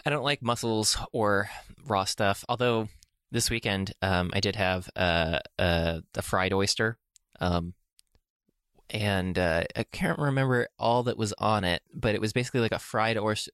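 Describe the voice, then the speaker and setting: A man co-hosting a podcast in casual chat, talking hesitantly with lots of pauses. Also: lowish voice, a bit bright, clean tone, no room sound, clean studio sound. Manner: hesitant, many fillers and restarts. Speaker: podcast co-host.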